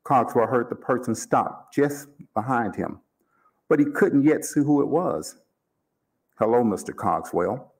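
A man's voice: medium pitch, unhurried, a little mellow, breathy edge. A man reading his own fiction aloud at a library event, narrating steadily.

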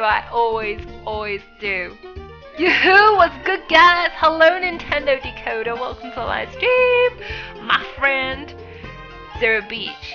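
A woman's voice: sits high, sharp tone, highs cut off. A young woman live streaming a game, chatting with viewers and greeting them by name. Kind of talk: live stream chat while gaming.

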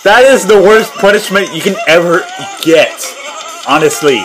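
A man with a high-pitched voice at a moderate pace hosts a reaction video, casually commenting on a cartoon, laughing often and saying "wow" again and again. The recording is low quality, with music playing behind.

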